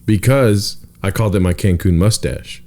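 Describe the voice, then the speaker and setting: A man's voice: on the low side, moderate pace, mellow. A young man hosting a podcast, telling a rambling story in loose casual chat, full of swearing and "dude". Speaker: podcast host.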